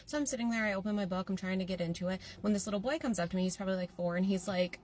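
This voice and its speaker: A woman in her thirties telling a comedic story with dry, deadpan irony. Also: mid-range voice, racing, hardly any pauses, a little hiss or hum. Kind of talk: comedic monologue.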